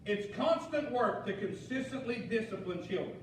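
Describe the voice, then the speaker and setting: A male pastor, preaching a fiery sermon with shouted emphasis and folksy asides. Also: extremely high pitch, animated, normal speed. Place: church sanctuary. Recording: echoey church hall, mic far off, faint noise.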